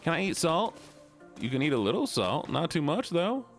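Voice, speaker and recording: Gaming on stream, a playful, silly guy keeps up casual chatter with viewers at a moderate pace, his sing-song voice bouncing around. Faint game music plays beneath his fake southern drawl and deep comic voices.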